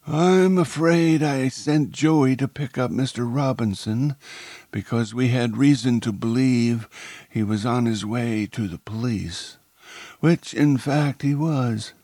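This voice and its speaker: A man voicing a calculating male crime boss who speaks in a measured, coolly polite way. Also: medium pitch, mellow, dry recording, voice pushed up.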